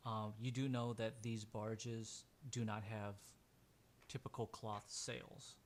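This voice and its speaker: A man's voice: on the low side, flat delivery, slow, slight background noise. A man running a tabletop role-playing game as game master, narrating in a casual way with many fillers and restarts.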